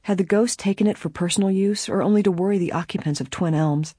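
A narrator reading a mystery novel aloud in a steady, even storytelling manner. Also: mid-range voice, quick pace, breathy edge, no echo, studio quality.

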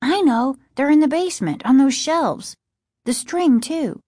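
A woman doing a breathless excited little boy. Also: high-pitched, unhurried, no room sound, clean studio sound, voice pushed up. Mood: eager. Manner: breathless and eager.

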